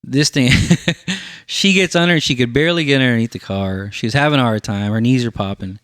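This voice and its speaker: A man's voice: mid-range voice, a little fast, clean tone, no echo, clean studio sound. A man hosting a podcast, telling a long story in casual chat and acting out the people in it. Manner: animated storyteller, acts out quoted voices. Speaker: podcast host.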